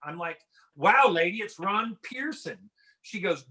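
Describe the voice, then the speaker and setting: A middle-aged man performs a stand-up set from his home, talking to the audience over a video call. His voice sits high and sounds bright and forward. He tells his jokes in a loose, chatty, self-deprecating way. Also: expressive, unhurried. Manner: conversational, self-deprecating joke delivery. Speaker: stand-up comedian. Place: home in a house.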